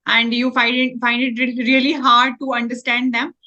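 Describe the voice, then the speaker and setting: A woman's voice: fairly high pitch, flat delivery, normal speed, pushed and bright, muffled recording. A woman interviewing an English learner in a practice conversation, encouraging and reassuring.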